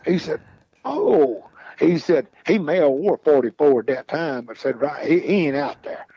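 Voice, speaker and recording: A man's voice: fairly high pitch, normal speed, husky, dry recording, dull audio. A man telling rambling folksy stories in casual chat, repeating "he said" as he goes. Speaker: podcast guest storyteller. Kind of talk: casual storytelling.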